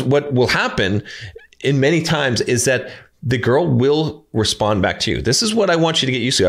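A man's voice: mid-range voice, a bit bright. Man coaching with emphatic instructions. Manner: emphatic, instructive, repeats "all right" and "right". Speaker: dating coach. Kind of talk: direct-to-camera coaching talk.

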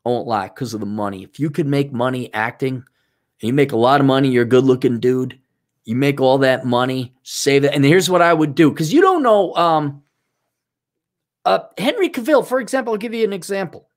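A man's voice: medium pitch, animated, moderate pace. A man giving casual, blunt advice in a rambling way, often stopping and restarting his sentences.

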